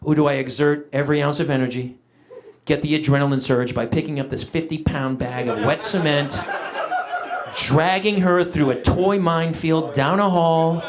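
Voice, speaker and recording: A middle-aged man performing stand-up comedy on stage, telling stories in an animated, exaggerated way with shouted punchlines and laughter from the audience. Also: fairly high pitch, normal speed.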